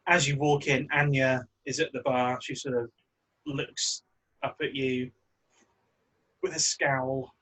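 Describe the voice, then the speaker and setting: A man narrating as game master of a tabletop game, relaxed and hesitant with many fillers. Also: medium pitch, slow, pauses often, poor audio.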